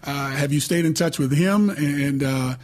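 A man co-hosting a sports radio show, asking long, halting questions. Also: on the high side, darkish tone. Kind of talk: casual interview.

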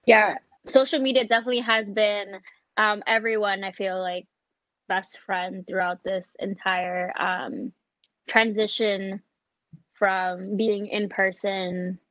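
A woman's voice: medium pitch, little pitch movement, takes it slowly, a bit bright, no room sound, low-quality recording. An American woman co-hosting a casual video-call chat, talkative, with frequent ums and laughter. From United States. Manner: chatty, laughs often, many ums. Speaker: meeting co-host.

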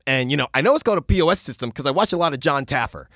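Man, podcast host, casual rant, lively swooping pitch, mocking impressions. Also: rapid-fire, no room sound, clean studio sound. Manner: animated, mocking impressions of bartenders. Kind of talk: casual storytelling monologue.

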